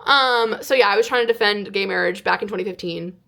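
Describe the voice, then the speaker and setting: A woman in her twenties from California, telling a personal story to camera in a casual, animated way with lots of "like". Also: medium pitch, quick pace, creaky. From California, United States. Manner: animated, exaggerated retelling with frequent "like". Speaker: vlogger. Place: indoors, sit-down filming.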